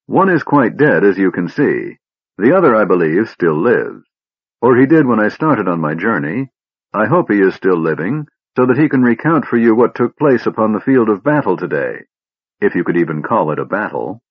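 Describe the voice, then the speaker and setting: A man voicing a cold, cruel male army officer with a harsh, blaring voice and sharp sarcasm. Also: fairly low pitch, very animated, moderate pace, slightly rough, dull audio. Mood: sarcastic.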